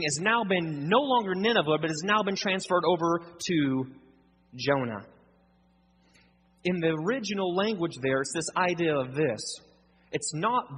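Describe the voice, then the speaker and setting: A man preaching a sermon, acting out dialogue in a lively conversational way with a husky voice. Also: fairly high pitch. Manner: animated, acts out dialogue, conversational asides. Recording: long hall reverb.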